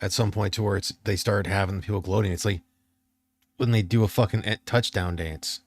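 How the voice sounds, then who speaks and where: A man's voice: lowish voice, fairly even intonation, a little fast. A man telling stories in a rambling way on a casual podcast, often restarting his sentences. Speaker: podcast co-host. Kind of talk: casual chat.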